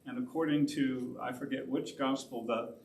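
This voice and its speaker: A pastor from Oregon teaches a Bible study at a middling pitch, wandering into asides as he goes. He sounds set back from the microphone in an echoey church classroom, with a faint hiss underneath. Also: fairly even intonation, normal speed. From Oregon, USA. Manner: rambling, conversational, with self-aware asides. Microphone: distant room mic. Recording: roomy, distant, faint hiss.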